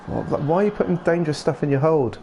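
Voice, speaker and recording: A man's voice: fairly high pitch, animated, fast, vocal fry, dark tone, a little hiss or hum. A man giving casual, jokey game commentary with rambling, playful asides. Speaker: gaming streamer.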